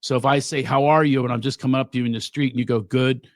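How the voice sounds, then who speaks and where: A man's voice: medium pitch, rapid-fire, no room sound, clean studio sound. A middle-aged man, a guest comedian, chatting on a podcast and acting out quotes with animation. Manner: animated storyteller, acts out quotes. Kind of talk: casual podcast chat.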